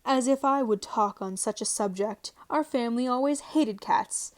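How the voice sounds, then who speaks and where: A woman's voice: a little high, normal speed, natural voice. A woman voicing a small, touchy mouse, indignant and clipped.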